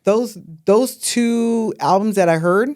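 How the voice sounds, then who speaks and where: A woman with a slight lisp co-hosts a casual podcast, playful and teasing and frequently laughing. She talks at a slow pace in a mid-range, darkish voice.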